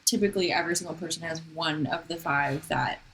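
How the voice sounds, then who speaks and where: A woman's voice: low-pitched, fast, a bit bright, a little hiss or hum, low-quality recording. A woman on a casual podcast, explaining things in a matter-of-fact way. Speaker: podcast co-host.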